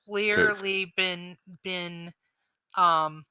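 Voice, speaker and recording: A woman narrating a tabletop game as game master, describing scenes in an unhurried way. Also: on the low side, steady tone, bright, forceful tone, clean tone, no echo, highs cut off.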